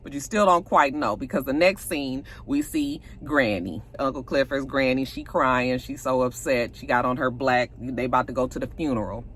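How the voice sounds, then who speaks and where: Animated woman recapping a TV show. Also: very deep voice, moderate pace, hardly any pauses, a little hiss or hum. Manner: animated retelling, acting out characters' lines. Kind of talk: casual recap of a TV episode.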